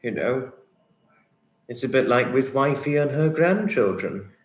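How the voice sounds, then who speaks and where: A man hosting a livestream, chatting warmly with viewers and reading their comments, effusive and sympathetic, often repeating himself. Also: medium pitch, animated, measured pace. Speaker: livestream host. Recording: roomy echo.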